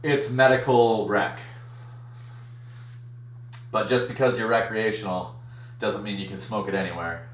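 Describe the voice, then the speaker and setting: A man with a low voice tells a casual story on a live stream, playing the other people in it with changed voices. The room around him is echoey. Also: unhurried, pauses often, far from the mic, slight background noise. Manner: animated, acts out other voices in his story. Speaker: streamer and card-break host.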